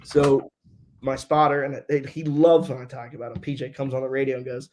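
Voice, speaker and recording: A man's voice: mid-range voice, fairly even intonation, moderate pace, a little mellow. A man, a race car driver, telling a story in a casual interview, acting out radio exchanges and swearing freely.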